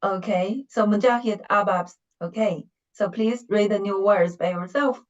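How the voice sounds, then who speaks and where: A woman teaching Mandarin in an online lesson, speaking patiently and modeling each word for her students. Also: mid-range voice. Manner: patient, slow, encouraging, models words. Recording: dull, muffled online call audio.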